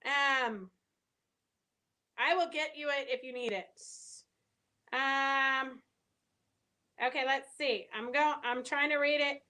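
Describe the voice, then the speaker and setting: A woman's voice: sits high, fairly even intonation, takes it slowly, long pauses, bright, forceful tone. A middle-aged woman chatting casually on a live stream, answering viewer comments and telling stories with lots of fillers. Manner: chatty, storytelling, many fillers.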